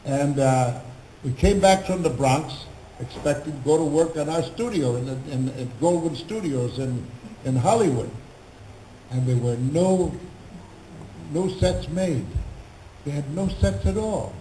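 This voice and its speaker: An older man, pitched a little high for his age, recounts stories with animated gusto and acts out the voices of the people he quotes. His voice carries through a roomy convention hall with a faint hum of crowd behind it. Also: a little slow. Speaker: convention panel guest. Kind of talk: anecdotal storytelling.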